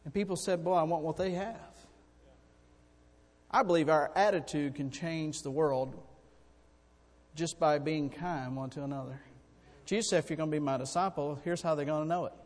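A man preaching a sermon, folksy and animated, telling personal stories. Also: on the high side, moderate pace, long pauses. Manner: folksy, animated storytelling with sudden loud bursts. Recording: long hall reverb.

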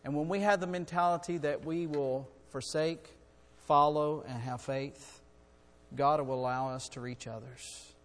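A middle-aged man preaching a sermon in a church, earnest and building to loud, urgent storytelling. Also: mid-range voice, normal speed. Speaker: guest preacher. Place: church sanctuary. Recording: long hall reverb.

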